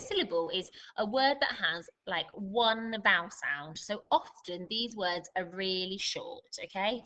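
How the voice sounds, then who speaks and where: A woman leads a spelling lesson for young children. Her voice is bright and clear, and she speaks slowly and deliberately, stressing each word. She explains each point patiently, the way a teacher does for small pupils. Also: medium pitch, rough recording. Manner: slow, deliberate dictation with clear emphasis. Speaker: primary school teacher.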